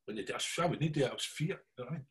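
A middle-aged man with a Glaswegian Scottish accent telling stories in casual chat, animated and always checking in with his listeners. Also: mid-range voice, very fast. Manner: animated yarn-spinning, keeps checking in with listeners.

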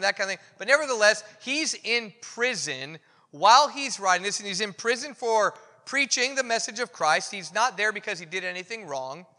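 High-voiced bright preacher in a hall. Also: male voice. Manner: candid, self-deprecating, animated storytelling. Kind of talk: conversational sermon. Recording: long reverb of a hall.

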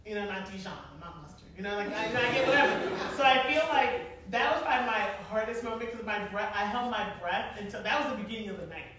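A woman in her forties telling stories to a live audience, animated and chatty, often laughing. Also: on the high side, quick pace, hardly any pauses, noisy background. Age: 40s. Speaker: event planner and speaker. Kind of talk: storytelling talk to a live audience. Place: large room with an audience. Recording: echoey room, mic from far off.

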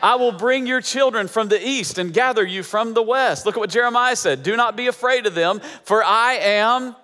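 Emphatic high-voiced pastor preaching. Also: male voice, moderate pace, pushed and bright, long reverb tail. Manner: emphatic, repeating phrases for effect. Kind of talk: sermon.

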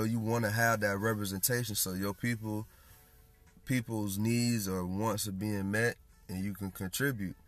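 Hoarse laid-back man hosting a podcast. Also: lowish voice, fairly bright tone, dry recording. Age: late 20s. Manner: laid-back, slangy, chuckles between thoughts. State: hoarse from lost voice. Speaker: podcast host. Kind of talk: casual chat.

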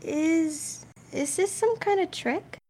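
A woman voicing a hesitant but steady teenage girl who stumbles at the start of her lines. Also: extremely high pitch, slow pace, a little hiss or hum. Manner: hesitant, faltering.

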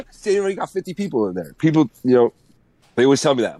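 A man's voice: fairly high pitch, wildly swooping pitch, quick pace, warm tone, slightly rough, no room sound. A man in his thirties, a music producer guest, giving blunt and profane advice in casual podcast chat.

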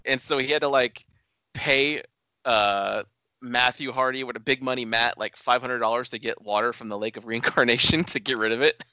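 A man's voice: medium pitch, steady tone, moderate pace, sharp tone, clean tone, no echo. A man co-hosting a casual wrestling podcast, swearing often and calling his friend buddy. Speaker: podcast co-host. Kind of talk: casual wrestling recap chat. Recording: dull lo-fi sound.

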